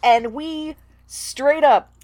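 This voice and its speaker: A woman with a fairly high voice co-hosts a casual book podcast. She talks bluntly and swears freely. The sound is dry and close, with no room echo. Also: extremely slow, darkish tone. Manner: blunt, swears freely, reads passages aloud. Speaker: podcast co-host.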